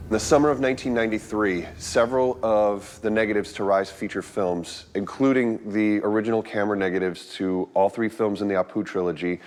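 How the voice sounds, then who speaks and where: A man working as a film archivist, narrating and explaining in a measured, somber way. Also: fairly low pitch, steady tone, a little mellow, slight background noise, poor audio. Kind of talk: documentary narration and on-camera explanation.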